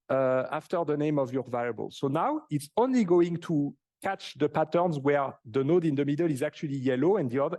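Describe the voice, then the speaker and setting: A man's voice: a little high, warm tone. A man giving a university lecture in a hall, explaining step by step with enthusiasm and rhetorical questions.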